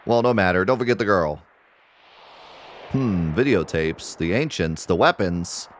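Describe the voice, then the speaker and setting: A man's voice: deep voice, animated, measured pace, slight background noise. A man voicing a sly, scheming male scientist villain who gloats and laughs mockingly while reading game dialogue aloud. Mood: gloating.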